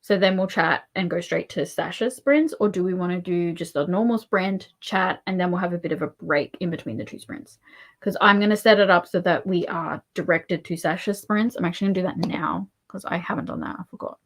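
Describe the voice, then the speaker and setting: An Australian woman hosting a casual livestream, soft-spoken and rambling, often dropping to a murmur. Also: fairly low pitch, fairly quick. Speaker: livestream host.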